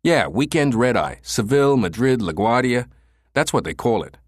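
A man's voice: mid-range voice, big pitch swings, moderate pace, no room sound, clean studio sound, voice pushed up. A crude mocking punk, as a man puts him on. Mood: mocking, brash. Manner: brash, swearing, mocking. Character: crude cocky young male punk.

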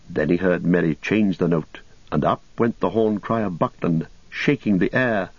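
Low husky male audiobook narrator. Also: no room sound. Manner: measured storytelling. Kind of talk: scripted narration. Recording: dull lo-fi recording.

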